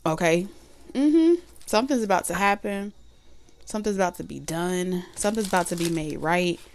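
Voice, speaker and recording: Chatty, slightly low-voiced woman tarot reader. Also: fairly quick, no echo. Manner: chatty, loose and repetitive with many fillers. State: losing her voice. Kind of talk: casual tarot reading.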